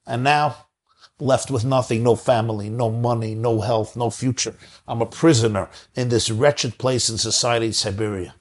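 A man's voice: mid-range voice, fairly even intonation, normal speed, natural voice. A man voicing a proud former star actor mourning everything he has lost. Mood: mournful pride.

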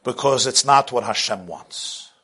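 A man giving a sermon as a religious teacher, animated, swinging from hushed asides to loud bursts and laughing at his own jokes. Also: medium pitch, a little slow, slightly rough.

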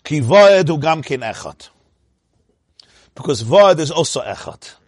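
Animated husky man teaching a class. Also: unhurried, no room sound, studio quality. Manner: animated, laughs often, swoops up into a high voice.

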